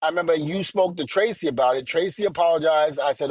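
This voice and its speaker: A man's voice: a little high, fast, darkish tone, dry recording. A middle-aged man telling a story in a heated rant as a podcast co-host, blunt and cursing, acting out what others said. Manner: angry, blunt, curses, quotes people.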